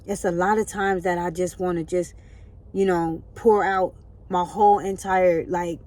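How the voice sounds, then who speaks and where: A woman's voice: on the low side, steady tone, a little slow, a little mellow. A woman giving a spiritual motivational talk into her phone, earnest and preachy, often checking in with her listeners. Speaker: spiritual vlogger.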